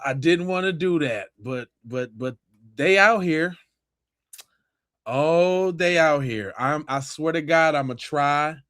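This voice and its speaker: A man with a fairly high voice hosts a casual podcast. He is animated and sarcastic, repeating phrases for emphasis. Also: clean tone. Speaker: podcast host.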